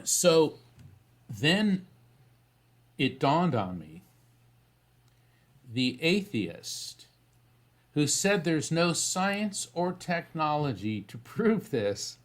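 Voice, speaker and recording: A man being interviewed as a psychic medium, telling a story in an animated way and often restarting phrases. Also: fairly high pitch, extremely slow, long pauses.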